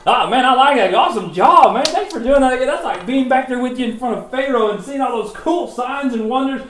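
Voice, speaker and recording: A man teaching a playful children's Bible class, excited and goofy, laughing often. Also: very high-pitched, a little fast, reverberant, slight background noise. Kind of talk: playful kids' Bible lesson. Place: church classroom.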